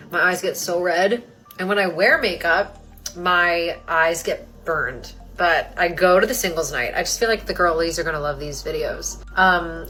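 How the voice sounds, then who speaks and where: A woman's voice: lowish voice, a bit bright, rough recording. A young woman telling a story in a casual vlog, chatty and giggly, with lots of fillers.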